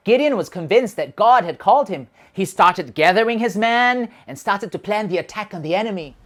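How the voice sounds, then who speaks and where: Lively woman telling a children's story. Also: medium pitch, normal speed. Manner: animated and expressive, with shouted sound effects. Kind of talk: children's Bible story narration.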